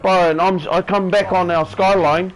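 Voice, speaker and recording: Casual New Zealand man, slightly higher voice. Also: moderate pace, low-quality recording. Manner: relaxed, says "bro" constantly, acts out quoted voices. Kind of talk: casual storytelling chat.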